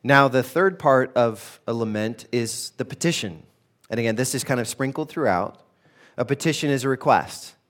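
A man preaching a sermon at a middle pitch, talking casually to his listeners. He speaks with emphasis and draws the scripture quotes out slowly. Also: animated, a bit bright. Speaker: pastor. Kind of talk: sermon teaching on a psalm.

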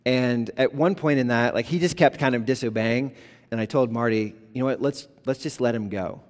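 A man's voice: mid-range voice, moderate pace, in a large hall. A man in his thirties preaching a sermon, talking casually and telling stories with many "like"s and "you know"s. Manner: conversational, storytelling, many fillers. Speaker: pastor.

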